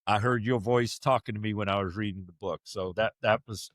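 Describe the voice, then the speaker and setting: A man hosting a podcast, chatting casually and warmly praising his guest with enthusiasm. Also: lowish voice, steady tone, fairly quick, dry recording, studio quality. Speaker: podcast host. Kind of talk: casual chat.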